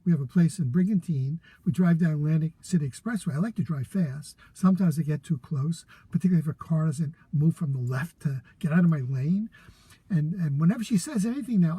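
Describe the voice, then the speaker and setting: A man with a husky, high-pitched voice. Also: normal speed, dark tone, no room sound. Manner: candid, rambling storytelling with frequent restarts. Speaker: host. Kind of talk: casual talk to a live audience.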